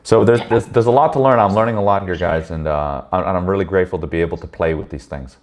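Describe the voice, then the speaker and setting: A man leading a men's group, telling stories in a blunt, profane and animated way. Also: deep voice, quick pace. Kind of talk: candid group talk.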